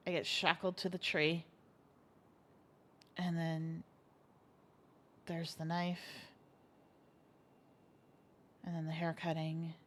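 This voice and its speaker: A woman plays a young survivor of trauma in a crime-game roleplay, her slightly low voice halting and emotional as she opens up to a therapist. She shifts into defiant, sassy pride when she stands up for herself. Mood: haunted, halting. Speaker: patient in therapy. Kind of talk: GTA roleplay stream acting.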